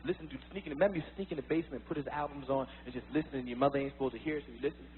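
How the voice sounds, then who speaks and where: A young man doing stand-up, telling a brash, profane story in quick bursts. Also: medium pitch. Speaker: stand-up comedian. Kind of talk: stand-up comedy. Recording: tinny lo-fi film audio with faint hiss.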